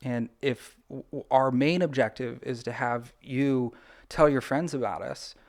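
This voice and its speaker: A man speaking as a guest on a podcast interview, his voice gravelly with a creaky edge. He explains his points in a lively, conversational way, full of "like"s and asides. He sounds like a practical lawyer giving frank advice. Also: mid-range voice, measured pace. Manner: animated, talks things through with lots of "like" and acted-out quotes. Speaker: personal injury attorney, podcast guest.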